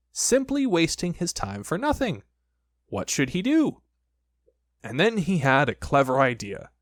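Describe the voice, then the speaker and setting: A man reading a children's storybook aloud, with lively, expressive storytelling. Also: medium pitch, no echo, studio quality. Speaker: audiobook narrator.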